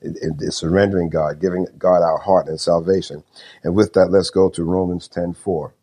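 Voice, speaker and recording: A man who is a pastor, praying and preaching to listeners in a folksy, unhurried way, often pausing with "uh" and repeating phrases. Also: deep voice, fairly even intonation, mellow, husky. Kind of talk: sermon with prayer and storytelling.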